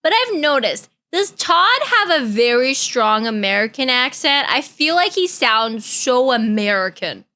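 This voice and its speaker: A woman's voice: high voice, big pitch swings, unhurried, hardly any pauses, pushed and bright. A woman streamer, chatting casually and giggling as she reacts to videos. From Canada.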